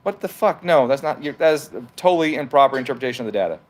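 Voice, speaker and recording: A man streaming from his home, reading viewer comments aloud and firing back at them. His talk is argumentative and full of swearing, in a mid-pitched voice. It is a loose, heated livestream rant. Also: animated, very fast. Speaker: livestream host reading chat.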